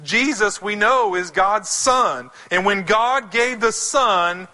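Southern male preacher, high bright voice, sermon delivery, deliberate on scripture. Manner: slows to stress scripture quotes. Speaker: pastor.

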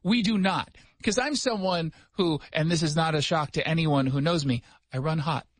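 Sarcastic high-voiced male radio host. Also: no echo. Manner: sarcastic, joking, quick asides. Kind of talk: casual talk show banter. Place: radio studio.

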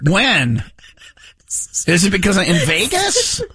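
A man's voice: high voice, huge pitch swings, takes it slowly, bright, forceful tone, slight background noise. A middle-aged man hosting a morning radio show, joking around in boisterous, self-mocking banter in the studio. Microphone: studio microphone.

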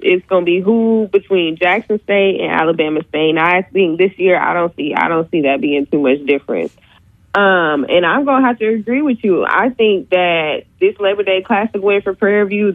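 Woman, sports broadcaster guest, relaxed friendly banter, tinny phone line, dry. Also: mid-range voice, no echo. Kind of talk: casual sports talk radio.

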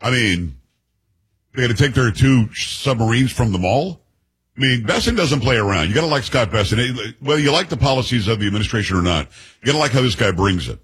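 A man's voice: medium pitch, lively intonation, brisk, a bit bright, breathy edge, poor audio. A man from the United States hosting a talk show, giving casual political commentary in a chatty way, with restarts and sarcastic asides.

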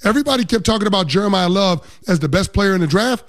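High-voiced football analyst, confident. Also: male voice, lively intonation, fast. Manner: confident, explanatory, uses "like" often. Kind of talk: sports talk show.

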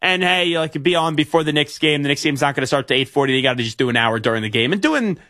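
Bright rambling New radio host. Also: male voice, on the high side, fast. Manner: rambling, storytelling, many restarts. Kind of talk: casual sports radio talk.

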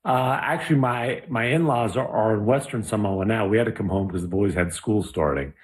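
A man's voice: on the low side, a little fast. A man co-hosting a podcast, chatting casually in a laid-back, joking way and often restarting his sentences. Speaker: podcast co-host. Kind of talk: casual chat. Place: Dallas.

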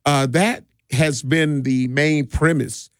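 A middle-aged Milwaukee DJ who organizes community parties tells stories in a casual interview, easygoing and full of laughs and restarts. His voice is a little high, with a steady tone and slow pace. The sound is clean studio audio with no room sound.

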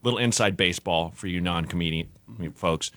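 A man, a comedian guest on a radio show, telling an anecdote in an animated way, acting out the people in it. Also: sits low, fairly quick, dry recording, clean studio sound. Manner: animated, acts out voices in anecdotes. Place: radio studio.

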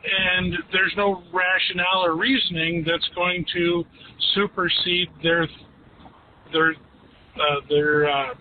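A male radio caller talking haltingly, with many restarts. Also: high-pitched, flat delivery. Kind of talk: call-in radio talk. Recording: tinny phone line with road noise.

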